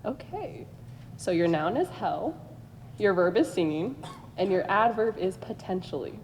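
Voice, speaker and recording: Teenage girl, school contest emcee, upbeat, encouraging, slow-paced, auditorium echo. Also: medium pitch, big pitch swings, darkish tone, a little hiss or hum. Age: teens. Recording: long hall reverb.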